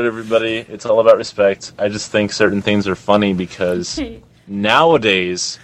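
A young adult man hosting a podcast, ranting in a rambling, profane casual chat. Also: on the low side. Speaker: podcast host.

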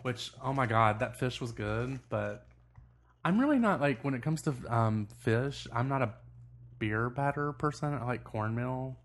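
A man co-hosting a podcast in casual chat, telling animated stories and laughing often. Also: medium pitch, a little slow. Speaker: podcast co-host. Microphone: studio mic, no headphones.

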